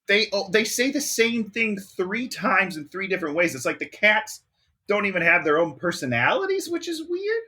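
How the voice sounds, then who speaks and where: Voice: medium pitch, sing-song, normal speed, bright, forceful tone. A podcast co-host in a casual movie review chat, ranting in exasperation and swearing often.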